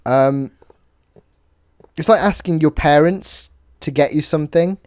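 Rambling wry gaming co-host. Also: male voice, a little high, a little slow, darkish tone, dry recording, studio quality. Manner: rambling, wry, riffing on jokes. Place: voice call.

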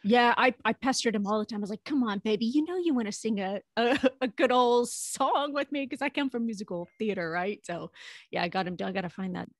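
A woman's voice: a little high, brisk, no echo, clean studio sound. Laughing woman podcast co-host. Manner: laughs easily, playful. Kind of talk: casual chat, anecdotes.

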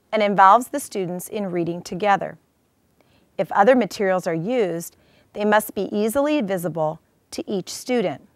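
A woman giving steady, explanatory scripted narration for an instructional program. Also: mid-range voice, dry recording.

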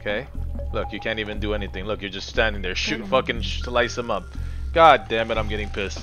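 Guy live streaming a game, bright voice, cussing at the puzzle and chat, bit of game music behind. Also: fairly low pitch, steady tone, brisk. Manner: frustrated, swearing, talks back to chat. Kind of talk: live-stream gameplay commentary.

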